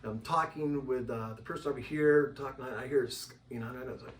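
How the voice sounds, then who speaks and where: A man from Washington State speaking as an interview guest, telling stories in a loose, rambling way full of "you know," and slipping into higher voices when quoting others. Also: steady tone, quick pace, slight background noise. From Washington State, USA. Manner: acts out quoted voices in a higher pitch. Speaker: interview guest, tribal member. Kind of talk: rambling conversational storytelling. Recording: roomy, distant mic, faint background ambience.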